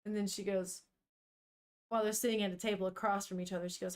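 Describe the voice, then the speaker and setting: A woman's voice: medium pitch, little pitch movement, fast talker. A woman streamer reading a manga aloud and chatting casually with her viewers, laughing often and swearing now and then.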